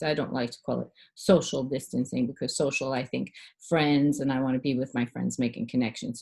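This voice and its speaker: A middle-aged woman voice coach giving a clear, demonstrative lesson, shifting her pitch and loudness to show techniques. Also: fairly even intonation, brisk. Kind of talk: instructional talk to camera.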